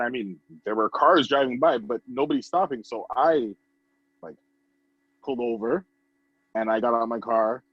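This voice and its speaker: A man co-hosting a casual podcast chat, telling a story with lively acted-out quotes. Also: mid-range voice, husky, no echo, muffled recording. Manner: animated storytelling, acts out quoted voices. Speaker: podcast co-host.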